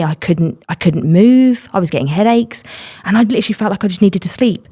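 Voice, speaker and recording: A woman's voice: medium pitch, expressive, warm tone, slightly rough. A woman, a podcast guest, talking openly and at length in a casual conversation about her work. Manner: open and talkative, quick bursts with laughter. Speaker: podcast guest, mental well-being workshop leader.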